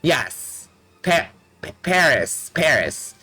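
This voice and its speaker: A let's play streamer from Canada, chatting casually with viewers over gameplay, excitable and quick to laugh with loud playful outbursts. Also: mid-range voice, slightly rough, faint music behind, rough recording.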